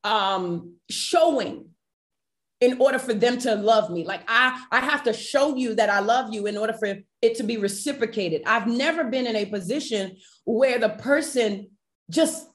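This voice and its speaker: A woman guest on a podcast, telling a personal faith story in an animated, emotional way and addressing listeners directly. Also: a little high, normal speed. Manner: animated, emotional, acts out quoted voices.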